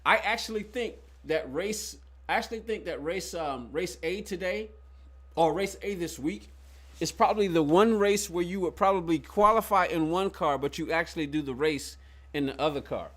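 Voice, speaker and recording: A man's voice: sits high, normal speed, fairly bright tone. A man streaming a racing game, chatting casually with viewers and thinking aloud as he plays. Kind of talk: casual live-stream chat while playing.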